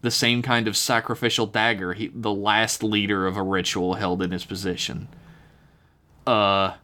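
A man reading his own written story aloud on a podcast, relaxed, slowing down on the eerie details. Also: lowish voice.

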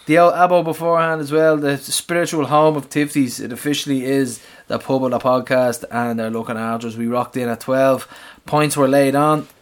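A man's voice: mid-range voice, steady tone, a little fast, hardly any pauses. A man with an Irish accent co-hosting a fan podcast, chatting in an easygoing way. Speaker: podcast co-host. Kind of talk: casual chat.

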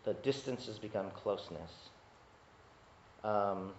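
Conversational pastor preaching in an echoey hall. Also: male voice, slow pace, a little hiss or hum. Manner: conversational teaching with frequent asides and restarts; animated, rising pitch when emphatic. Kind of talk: sermon. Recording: echoey hall, dull lo-fi sound.

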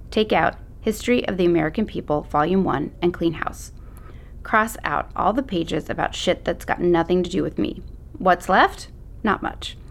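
A woman reads a first-person audiobook with a sassy, slangy teenage attitude. Her voice sits fairly low, and she delivers the story with quick, sharp comebacks. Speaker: audiobook narrator.

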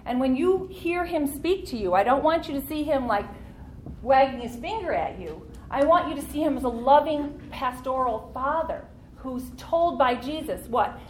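A woman's voice: high voice, lively intonation, normal speed, a little mellow, a little hiss or hum. Earnest woman leading a Bible study. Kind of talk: teaching a church Bible study class.

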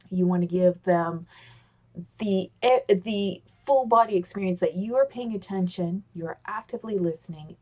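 Over a webcam on a video call, a woman with a fairly low voice gives casual communication tips from a home office with a squeaky chair. She is animated and excitable, gesturing as she talks in this instructional chat to camera.

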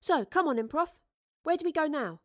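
A woman's voice: sits high, expressive, pitched above the performer's own voice. Woman doing a plucky, blunt young woman. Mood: plucky, quizzical. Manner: brisk, down-to-earth, quizzical.

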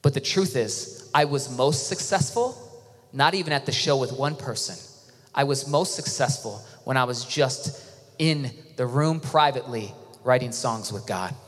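A man from Michigan preaching a sermon to a large auditorium, earnest and often dropping to a soft, intimate hush. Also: mid-range voice, a little slow. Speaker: worship leader and preacher. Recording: live hall with long reverb, faint music.

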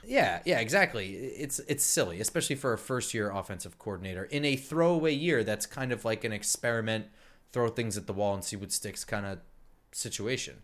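A man's voice: lowish voice, animated, a little fast, a bit bright. A man co-hosting a casual sports podcast, talking frankly and bluntly with a wry edge. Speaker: podcast co-host.

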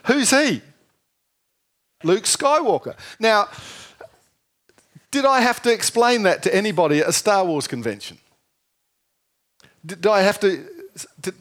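A man preaching a sermon, lively and jokey, often asking the congregation questions. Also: sits high. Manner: lively, asks the audience questions, jokey asides.

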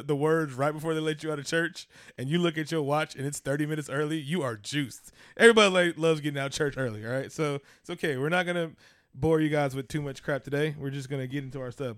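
A man's voice: on the high side, fast, a bit bright, no echo, clean studio sound. A man co-hosting a casual podcast, talking loosely and profanely and slipping into mock voices. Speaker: podcast co-host. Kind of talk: casual chat.

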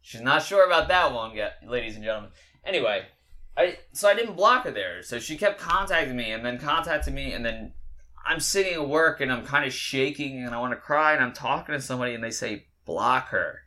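A man's voice: mid-range voice, animated, fairly quick, sharp tone. A young adult man hosting a podcast, telling a personal story in a candid, rambling way with a lot of swearing. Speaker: podcast host.

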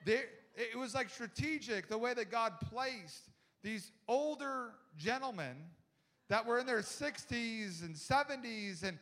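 Man, high voice, bright and sharp, pastor, funny sermon story, chatty with many restarts, long hall reverb. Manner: animated, acts out voices of people in his story.

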